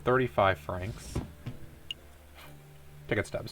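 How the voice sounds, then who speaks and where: A man's voice: lowish voice, normal speed, long pauses, a little hiss or hum. A man casually commenting on his gameplay, muttering asides to himself and trailing into whispers. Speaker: let's play host.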